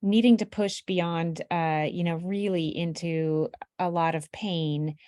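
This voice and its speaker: A woman's voice: lowish voice, fairly even intonation, takes it slowly, mellow, no room sound, studio quality. A woman hosting an interview, asking her guest thoughtful, hesitant questions full of fillers. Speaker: interview host.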